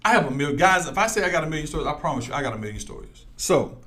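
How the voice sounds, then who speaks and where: A man with a somewhat high voice preaches in an emphatic, repetitive way. He weaves personal stories into his message. He speaks straight to his listeners. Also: big pitch swings, very fast, fairly bright tone. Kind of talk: preaching with storytelling.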